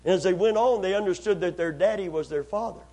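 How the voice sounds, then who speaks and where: A man preaching a sermon to a church congregation, calling for responses and stretching out key lines for emphasis. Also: high-pitched. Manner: rises to loud, drawn-out emphasis on key lines. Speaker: pastor.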